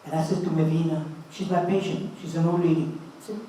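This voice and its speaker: Elderly man in his eighties, warm fatherly speaker, high soft voice, far from the mic in a roomy hall. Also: fairly even intonation, fast talker, a little hiss or hum. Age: 80s. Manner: storytelling, fatherly and earnest. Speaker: speaker giving a talk. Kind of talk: motivational spiritual talk. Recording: roomy, distant mic with faint ambience.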